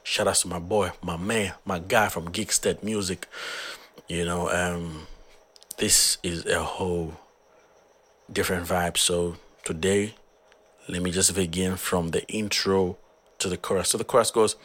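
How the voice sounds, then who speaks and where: A hoarse man from Zambia, earnestly talking through his own song in a casual, rambling way. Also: deep voice, flat delivery, a little slow, a bit bright. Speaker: musician.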